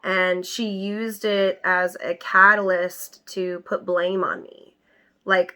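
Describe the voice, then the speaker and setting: A young woman speaks straight to her viewers, recounting her past with candid, emphatic energy. Her voice is bright and clear, sitting in an ordinary middle register. She leans hard on key words as she retells what happened. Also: medium pitch, steady tone, slow. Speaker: vlogger. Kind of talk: personal storytelling to camera.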